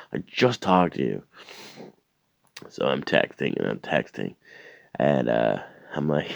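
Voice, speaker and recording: A man's voice: rumbling low, big pitch swings, slow, gravelly, pauses often, no room sound. A man telling a profane, exasperated story and mimicking the people in it. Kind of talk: profane ranting anecdote. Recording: dry, slightly dull recording.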